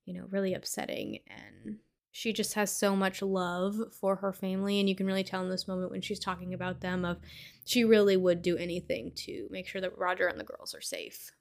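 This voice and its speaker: A woman's voice: mid-range voice, little pitch movement, brisk, gravelly. A young woman hosting a podcast, casually recapping a horror movie scene by scene with lots of fillers. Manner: chatty, with frequent fillers. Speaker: podcast host.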